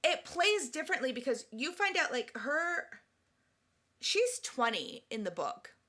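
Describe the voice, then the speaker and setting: Giggly high-voiced woman podcast co-host. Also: sing-song, a little slow, sharp tone. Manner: giggly, breaks into fits of laughter. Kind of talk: casual book-and-film chat.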